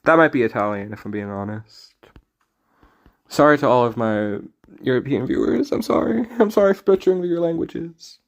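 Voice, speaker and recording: A man's voice: mid-range voice, expressive, normal speed, creaky, dull audio. A man streaming a card game, rambling in casual commentary with jokey, self-mocking asides.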